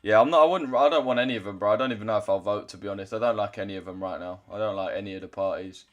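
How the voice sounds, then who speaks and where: A man's voice: on the low side, very fast, fairly bright tone, highs cut off, soft background music. A young man chatting casually on a trading livestream, loose and chatty, swearing now and then as he reads out chat.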